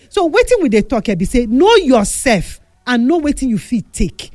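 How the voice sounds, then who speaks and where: A woman's voice: on the high side, very animated, moderate pace, darkish tone, dry recording. A Nigerian woman, a studio guest, giving advice on a radio show and acting out the people in her stories. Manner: storytelling, acts out quoted people, preachy.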